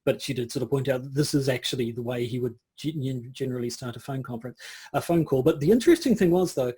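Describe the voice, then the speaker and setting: Mellow, husky-voiced male podcast co-host. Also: medium pitch. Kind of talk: casual chat.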